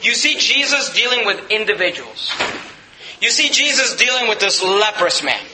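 A male pastor preaching a sermon, emphatic and full of rhetorical questions, rising to shouts at the peaks. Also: high voice, big pitch swings, normal speed, background noise. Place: church sanctuary. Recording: echoey church room.

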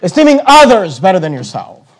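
A man preaching a sermon, slowing down on key words and often repeating himself as he makes his points. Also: high-pitched, huge pitch swings. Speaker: pastor.

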